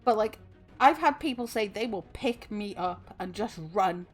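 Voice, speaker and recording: A woman's voice: mid-range voice, animated, unhurried, faint music behind. A Welsh woman in her twenties chatting on a stream, chatty and giggly with lots of fillers. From Wales. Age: 20s. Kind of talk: casual chat.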